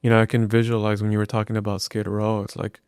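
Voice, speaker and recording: A male podcast host asking gentle, soft-spoken interview questions. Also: on the low side, completely flat delivery, quick pace, clean tone, dry recording, studio quality.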